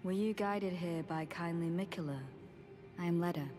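An actress voicing a devout, earnest woman knight in a video game, speaking in a formal, measured way. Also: lowish voice, fairly even intonation, mellow, natural voice. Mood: solemn. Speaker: game character. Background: game music.

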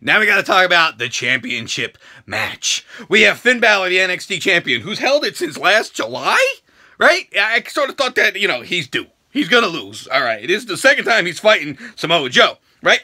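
A man rants through a wrestling review in a very high, gravelly voice. His tone is piercingly bright and his pitch swings widely as he swears and breaks into shouts. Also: very animated, moderate pace. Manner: profane, ranting, bursts into shouting. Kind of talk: casual reaction review.

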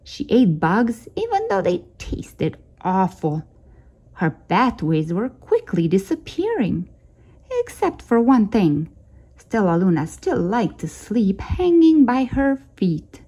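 A woman hosting a storytime channel, reading a children's picture book aloud in a gentle, expressive way. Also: mid-range voice, slow, breathy edge. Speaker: storytime host.

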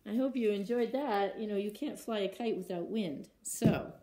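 A woman's voice: mid-range voice, moderate pace, dark tone. A woman librarian reading picture books aloud at children's story time, acting out sound words and stopping to ask the children questions.

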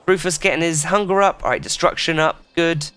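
A man giving excitable, sweary commentary while playing a video game. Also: a little fast, smooth, soft background music. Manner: excitable, swears a lot, jumps in pitch. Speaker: gaming YouTuber. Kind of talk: casual let's play commentary.

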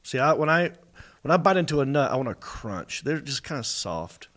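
A man's voice: mid-range voice, sing-song, normal speed, a bit bright. A man from the South, hosting a casual, joking podcast chat. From American South. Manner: joking, laughs often. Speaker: podcast host.

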